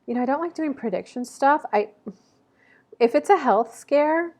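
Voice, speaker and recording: A woman's voice: high-pitched, animated, moderate pace, darkish tone. A woman in her thirties giving a casual zodiac reading to camera, chatty and rambling, with many fillers and self-corrections. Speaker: astrology reader.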